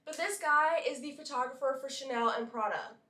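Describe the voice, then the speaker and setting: A young woman from Brooklyn tells a story to her viewers in a chatty, animated way, dropping in likes and asides. Her voice sits a little high. She is a bit back from the mic in an echoey room. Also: fairly quick, distant mic. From Brooklyn, New York. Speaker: model and vlogger. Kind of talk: casual storytelling to camera.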